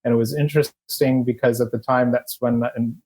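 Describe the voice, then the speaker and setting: A man guesting on a podcast, telling his story in a rambling, relaxed and chatty way. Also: medium pitch, fairly quick, slightly rough. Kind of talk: casual storytelling interview.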